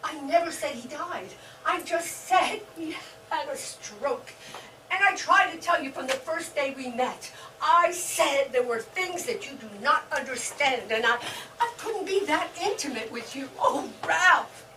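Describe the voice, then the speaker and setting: A woman plays a giddy older woman, giggling and flustered, with a high voice and slow delivery. She is heard from across a roomy stage, with noise around her. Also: exaggerated voice. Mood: pleading. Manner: giggly, breathy excitement. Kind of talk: stage play acting. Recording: roomy stage sound from far off.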